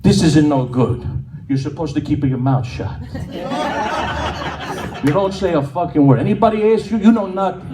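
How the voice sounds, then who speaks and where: A man's voice: on the high side, normal speed, close to an everyday voice. Man doing proud old Italian grandpa. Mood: gruff. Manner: broken English, emphatic. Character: older Italian immigrant grandfather, proud, gruff. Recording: echoey club from far off with noise.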